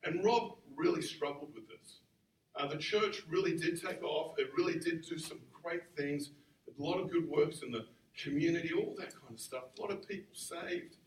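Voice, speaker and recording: A man's voice: a little high, normal speed. A man in his forties, a pastor, telling a personal story in a sermon in a conversational, self-deprecating way. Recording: roomy hall from a distant mic, faint noise.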